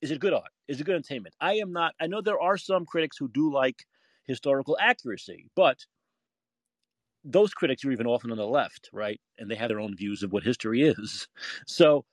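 A man's voice: medium pitch, animated, a little fast, no room sound. A man hosting a call-in podcast, talking in an emphatic, opinionated way, a former film critic. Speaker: podcast host. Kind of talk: casual call-in talk.

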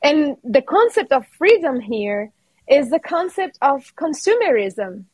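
A woman with a Brazilian accent talks as a podcast guest in a slightly high voice, recorded dry and close. She speaks with passion and emphasis, often starting her phrases again. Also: very animated, a little slow, a little mellow, no room sound. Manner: passionate and emphatic, with many restarts. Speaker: guest, artist and actor. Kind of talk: casual podcast interview.

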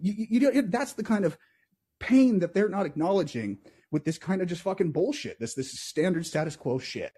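A man's voice: high-pitched, big pitch swings, moderate pace, warm tone, husky. A man co-hosting a call-in podcast, swearing heavily and stumbling over repeated words as he vents about politics. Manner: profane, emotional, repeats words when worked up. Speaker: podcast co-host. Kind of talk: heated political chat.

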